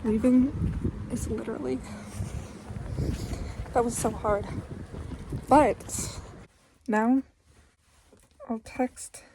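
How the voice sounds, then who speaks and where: A woman's voice: a little high, fairly even intonation, very slow, pauses often, noisy background. A young woman vlogging in a casual, rambling way, filling her talk with "like" while chatting about her day. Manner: chatty, rambling, heavy use of "like". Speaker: vlogger and preschool music teacher. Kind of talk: casual vlog chat.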